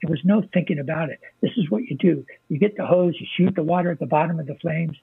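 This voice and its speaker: An older American veteran recounts events in a plainspoken, vivid way, swearing freely. His voice sits a little high for a man, with deep gravel and a raspy, husky edge. The sound is dry and narrow, like a phone line. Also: quick pace, dry recording. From United States. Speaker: guest, military veteran. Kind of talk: casual interview storytelling.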